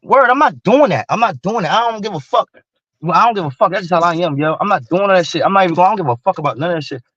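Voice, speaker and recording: A blunt man in casual conversation, talking in a fairly high voice that jumps around and repeats his points with force. The sound is dry and a bit dull, like a lo-fi recording. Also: rapid-fire, no echo. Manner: blunt, repetitive, animated street talk. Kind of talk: casual chat.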